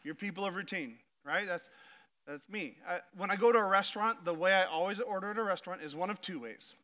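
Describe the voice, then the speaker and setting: Male pastor, high voice, bright tone, animated storytelling sermon, emphatic slow points. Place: church stage.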